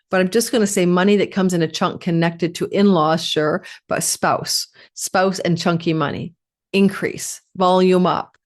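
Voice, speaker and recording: A woman from Canada giving an astrology forecast in a chatty way, piling up lists of words and dropping in asides. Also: on the low side.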